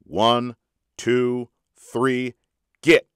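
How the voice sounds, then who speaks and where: A man's voice: mid-range voice, level tone, extremely slow, clear, resonant tone, no room sound, clean studio sound. Man doing Smiley, a drawling frontier gambler. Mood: easy-going. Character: boastful frontier gambler, man, easygoing and proud.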